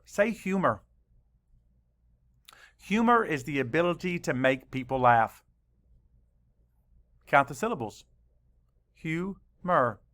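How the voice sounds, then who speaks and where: Slow-spelling male teacher, higher voice. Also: fairly bright tone. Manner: slow, deliberate, spells words letter by letter. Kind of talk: spelling lesson for children.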